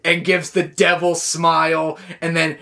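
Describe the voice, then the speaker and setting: A man recapping a wrestling show in a casual, excitable, rambling way, full of "like" and restarts. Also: a little high, measured pace, gravelly. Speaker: wrestling reaction vlogger.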